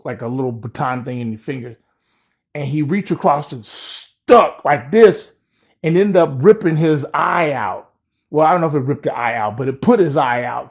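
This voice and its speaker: A man's voice: on the high side, husky, lo-fi sound. A man telling a story in a loose, rambling, profane way, chuckling as he goes. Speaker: storyteller vlogger.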